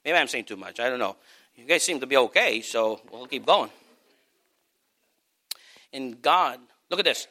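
Male pastor, sermon. Bright, tense tone, lively swooping delivery, emphatic with quiet asides. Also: medium pitch, normal speed, pauses often. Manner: animated, emphatic preaching with sudden shouts and soft asides.

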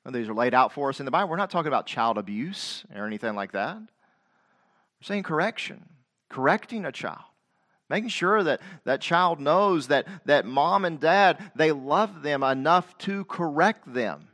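A middle-aged male pastor preaches a sermon, questioning the congregation directly, repeating phrases, and building to loud, emphatic scripture quotations. His voice is fairly high and animated at a moderate pace.

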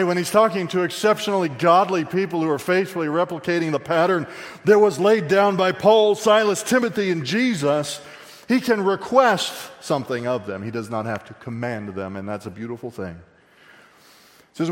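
A man preaching an expository sermon in a conversational way, joking with the congregation and swinging between loud emphasis and quiet asides. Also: fairly high pitch, lively intonation, moderate pace, big-room sound. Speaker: pastor.

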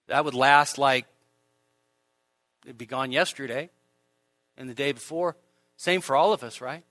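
A male pastor preaching a sermon in a church, animated, with humor and rhetorical questions. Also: fairly high pitch, normal speed, long pauses, no echo.

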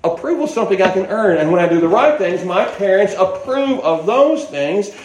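A man's voice: high-pitched, animated, a little fast, a little mellow, slight background noise. An older man preaching a sermon in a folksy, rambling way, with restarts and asides, in an echoey hall.

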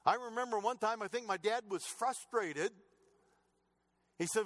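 A middle-aged man preaching a sermon, telling family stories earnestly, moving between loud emphatic lines and soft, low asides. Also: moderate pace. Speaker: pastor.

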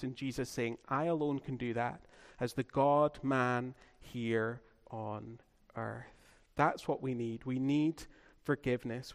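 A man's voice: a little high, big-room sound. A man preaching a sermon as pastor, repeating key phrases for emphasis.

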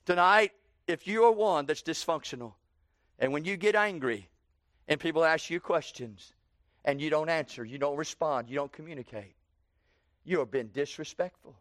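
A man in his sixties preaching a sermon, slowing down for emphasis and breaking into loud acted quotes. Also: on the high side, no room sound, clean studio sound.

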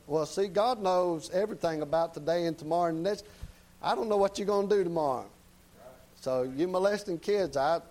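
A man preaching a sermon in a folksy, plain-spoken way, often checking in with the congregation with quick tag questions. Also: a little high, a little mellow, poor audio.

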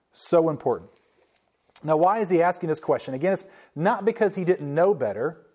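A man delivering a sermon, with a voice that sits a little higher than most men's. He explains in an earnest, steady way, and he slows down to lean on the words that matter. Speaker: preacher.

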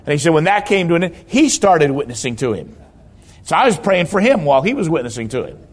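This male preacher's voice sits a little high, swinging widely in pitch at a quick pace. Delivering a sermon, he spins stories and drives home important words through emphatic repetition.

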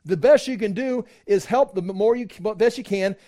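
A man preaching a sermon, teaching from scripture in a conversational, animated way, acting out quoted voices. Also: normal speed. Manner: animated, acts out quoted voices with rising pitch; conversational, with fillers and restarts. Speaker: pastor.

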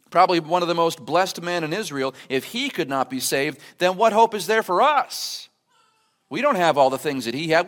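Preaching an expository sermon at a church service, a pastor explains scripture earnestly and conversationally, punctuated by emphatic rhetorical questions. His voice sits on the high side with a fairly bright tone.

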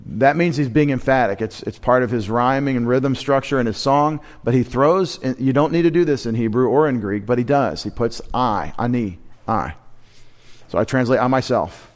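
A male pastor working through a text line by line in a sermon, with a mid-range voice. He keeps posing questions to his listeners and then answering them, and he stresses key words with deliberate repetition. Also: mid-range voice. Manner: teaching through rhetorical questions and repeated emphasis. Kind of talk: expository sermon. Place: church sanctuary.

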